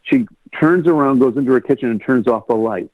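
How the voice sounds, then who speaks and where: A man's voice: mid-range voice, brisk, no echo. Man telling a story, tinny line. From Rockford, Illinois, US. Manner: animated storyteller, acts out quoted lines in a raised voice. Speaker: guest, music producer. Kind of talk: telling a personal story in a podcast interview. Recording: tinny phone-like line, dry.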